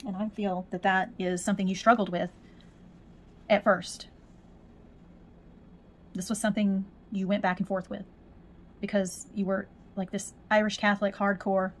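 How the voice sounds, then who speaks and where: A woman's voice: mid-range voice, flat delivery, moderate pace, long pauses, slight background noise. A woman giving a spiritual tarot reading, talking in a musing way and repeating words as she searches for messages. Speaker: tarot reader.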